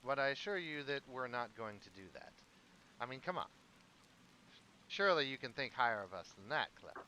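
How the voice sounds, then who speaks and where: A man's voice: mid-range voice, lively intonation, a little fast, bright, forceful tone, slight background noise. A man doing a chuckling townsfolk leader. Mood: reassuring. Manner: casual, rambling with fillers.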